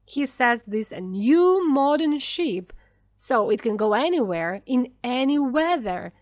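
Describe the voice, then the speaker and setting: A woman's voice: high voice, big pitch swings, takes it slowly, no echo, clean studio sound, heavily acted. A woman reading a storybook voices an angry, tired and frightened male ship's engineer, raising her voice in exasperation. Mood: exasperated.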